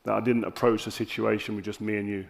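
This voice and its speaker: A man with a South London accent, an interview guest telling candid stories on stage with animated, lively quoted dialogue. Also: fairly low pitch, quick pace, creaky. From South London, England.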